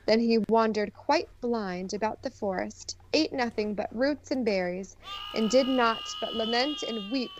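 Animated woman podcast co-host. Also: fairly high pitch, a little slow, a little hiss or hum. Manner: animated, laughing, teasing. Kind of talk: casual chat and storybook narration.

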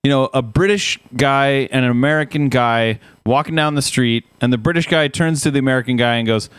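A man's voice: mid-range voice, fairly quick, a bit bright, smooth, dry recording, clean studio sound. A man co-hosting a podcast, chatting wryly and laughing while sketching joking scenarios. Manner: wry, laughing, tells mock scenarios. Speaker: podcast co-host. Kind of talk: casual reaction chat.

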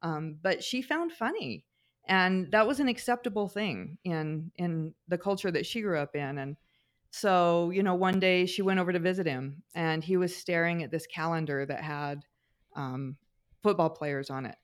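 A middle-aged woman with a somewhat low voice co-hosts a casual podcast. She tells family stories at length, with plenty of fillers and restarts along the way. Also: moderate pace. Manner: warm storyteller, frequent fillers and restarts. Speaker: podcast co-host.

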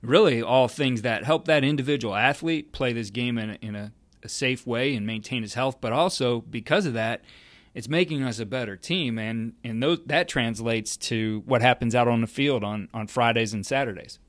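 A man's voice: medium pitch, normal speed. A man hosting a podcast, talking in a loose, conversational way. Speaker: podcast host. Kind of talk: casual interview chat.

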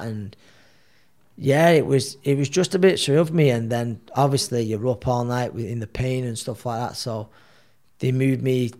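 A man recounting an episode from his life, a working boxer talking loosely and at length. He restarts sentences and slips into the voices of the people he quotes. His pitch sits in the ordinary middle for a man. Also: normal speed, darkish tone. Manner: rambling, re-enacts dialogue. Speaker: professional boxer. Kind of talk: casual storytelling.

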